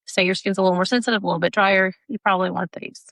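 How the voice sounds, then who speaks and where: A woman's voice: mid-range voice, fairly even intonation, racing, creaky, fairly bright tone, dry recording. A woman in her forties, an esthetician, chatting through a casual tutorial in her home bathroom and repeating her instructions emphatically.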